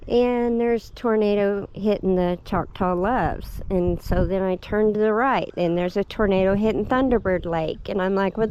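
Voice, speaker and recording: A middle-aged woman, telling a story in a casual, chatty vlog, laughing often and getting emotional. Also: medium pitch. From Oklahoma. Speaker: homestead vlogger. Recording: dull lo-fi with faint background noise.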